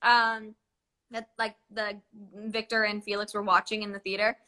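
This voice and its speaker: Bright-voiced young actress chatting. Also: female voice, medium pitch, little pitch movement, moderate pace. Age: young adult. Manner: chatty, lots of "like" and "um", laughs often. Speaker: actress guest. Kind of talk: casual interview chat.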